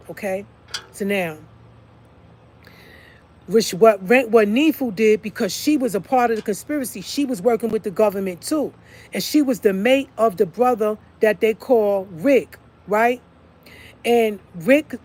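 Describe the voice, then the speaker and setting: A woman's voice: mid-range voice, darkish tone. A woman speaking in a casual monologue to viewers. She keeps stressing her points, often asking "okay?" and repeating "like I said.". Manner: emphatic, repeats "okay?" and "like I said" to listeners. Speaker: online video speaker.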